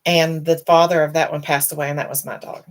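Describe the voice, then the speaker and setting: Low-voiced woman chatting tearfully on a stream. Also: flat delivery, fast. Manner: rambling, emotional, fighting back tears. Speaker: host. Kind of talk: casual live-stream chat.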